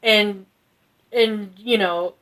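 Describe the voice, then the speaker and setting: A woman co-hosting a casual podcast, retelling a myth in a rambling, giggly way with lots of swearing and quick character voices. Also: medium pitch, fairly even intonation, a bit bright. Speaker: podcast co-host retelling myths. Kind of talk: casual chat.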